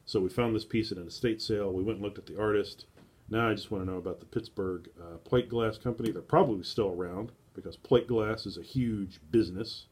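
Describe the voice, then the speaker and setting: A man's voice: fairly low pitch, fairly quick, darkish tone, husky. Rambling man thinking aloud on stream. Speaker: streamer browsing estate sale listings. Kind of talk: casual live-stream musing.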